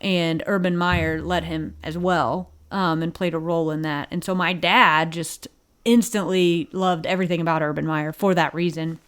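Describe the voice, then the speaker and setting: A woman co-hosting a podcast, talking casually and with animated disbelief, often laughing as she talks. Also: lowish voice, moderate pace, smooth. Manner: animated, incredulous, laughing asides. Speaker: podcast co-host. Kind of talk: casual chat.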